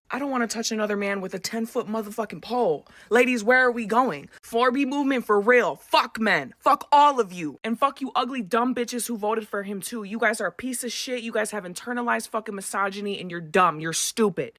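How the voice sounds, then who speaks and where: A woman's voice: medium pitch, fairly bright tone, dry recording. A woman in an angry, profane vlog rant, heavily emphatic.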